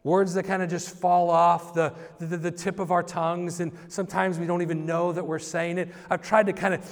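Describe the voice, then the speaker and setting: A man's voice: high voice, little pitch movement, a little fast. A male pastor preaching a conversational sermon, informal, often restarting and repeating words. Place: church sanctuary. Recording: long reverb of a church hall.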